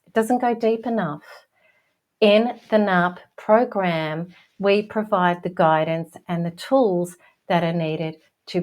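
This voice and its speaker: A middle-aged woman hosting a self-help channel, giving a scripted motivational talk in an earnest, reassuring and emphatic way. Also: fairly low pitch.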